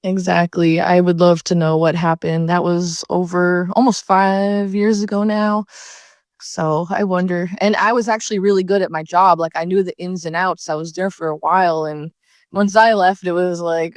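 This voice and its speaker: A young adult woman talking casually as a podcast guest, her voice sitting a little low. She grows animated and laughs easily as she tells stories. The sound is dry and close, with no room around it. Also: normal speed, no echo. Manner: chatty, animated when recounting, laughs often. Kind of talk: casual interview chat.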